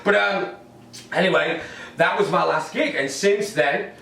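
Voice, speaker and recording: A man's voice: high-pitched, measured pace, creaky, sharp tone, a little hiss or hum. A middle-aged man with an English accent, doing a rambling, wry stand-up set in his living room to a camera. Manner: wry, rambling observational delivery. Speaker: stand-up comedian. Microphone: camera mic set far off. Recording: echoey room, distant mic.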